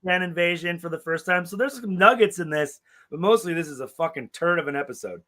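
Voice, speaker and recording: A man's voice: on the high side, quick pace, pushed and bright. A man co-hosting a podcast, talking in a loose, ranting way and swearing a lot. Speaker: podcast co-host. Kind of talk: casual profane chat.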